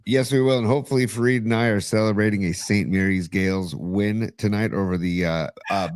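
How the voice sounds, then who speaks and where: Low-voiced man co-hosting a podcast. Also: moderate pace, hardly any pauses, darkish tone, no echo, clean studio sound. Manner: enthusiastic, rambling with fillers. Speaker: podcast co-host. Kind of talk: casual chat.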